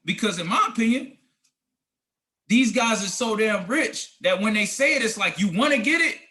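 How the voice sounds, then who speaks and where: A man's voice: high voice, expressive, normal speed, pushed and bright. A man giving a motivational talk on a group call as a team leader, emphatic and preachy, talking slangy and calling listeners guys and family.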